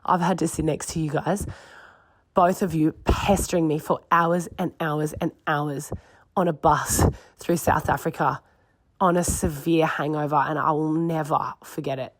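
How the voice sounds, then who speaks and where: A woman's voice: low voice, steady tone, normal speed, no echo. A woman leaving a mock-dramatic, teasing recorded message. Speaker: guest giving a recorded message.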